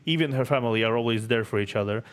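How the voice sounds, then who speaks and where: A man streaming a game, reading its story aloud in steady narration with offhand asides. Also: mid-range voice, rapid-fire.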